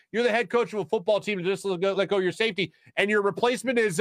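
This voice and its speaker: A man hosting a sports talk show, talking with a fairly high voice. He tells stories in an animated, rambling way, full of quick asides. The studio sound is close and dry, with no room around the voice. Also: dry recording. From Philadelphia. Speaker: sports radio host. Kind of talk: casual sports talk, storytelling.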